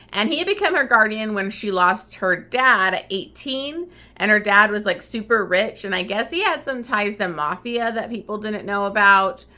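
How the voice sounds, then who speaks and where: A woman with a bright, clear voice talks through a novel's plot for her vlog. She rambles casually, peppering her sentences with likes and ums, and sits at a middling pitch. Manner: chatty, lots of likes and ums. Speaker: book vlogger. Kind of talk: casual book recap. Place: at home getting ready for work.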